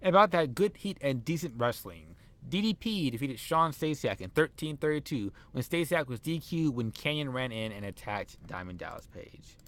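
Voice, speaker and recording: A man's voice: medium pitch, very animated, normal speed, hardly any pauses. A man narrating a wrestling sim playthrough in a casual, rambling, joking way. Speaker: let's play host.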